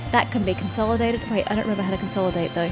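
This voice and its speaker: This let's-play commentary comes from a woman gamer whose throat is sore; she speaks very fast at a medium pitch with fairly even intonation. She's sarcastic and chatty, poking fun at the characters, while game music hums faintly in the background.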